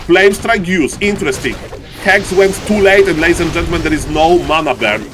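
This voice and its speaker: A man from Poland with a thick Polish accent, giving live esports commentary for a stream audience and often calling out to "ladies and gentlemen" with jokey asides. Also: a little high, fairly quick, noisy background. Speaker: esports caster.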